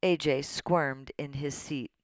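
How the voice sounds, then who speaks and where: A woman narrating a children's storybook in an animated, playful way. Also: deep voice, takes it slowly, dry recording, studio quality. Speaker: audiobook narrator.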